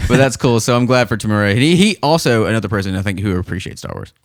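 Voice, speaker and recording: A man's voice: lowish voice, animated, fast talker, no room sound, clean studio sound. A man co-hosting a podcast in easygoing casual chat, often with short agreeing replies. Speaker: podcast co-host.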